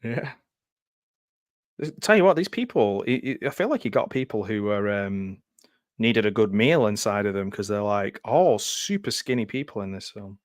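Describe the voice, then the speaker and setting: A man's voice: on the low side, big pitch swings, normal speed, no room sound, clean studio sound. A man hosting a casual live film commentary from home, chatty and often laughing. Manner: chatty, laughs often, loose aside-filled talk. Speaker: host.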